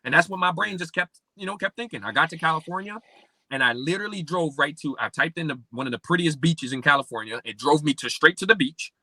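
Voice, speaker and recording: A man from Pennsylvania talks as a podcast guest, racing through his story in a bright, forceful, fairly high voice. He is animated and acts out the voices of the people in his story. The sound is close and dry. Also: fast talker, dry recording. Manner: animated, acts out quoted speech, many fillers like "like". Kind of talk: casual storytelling interview.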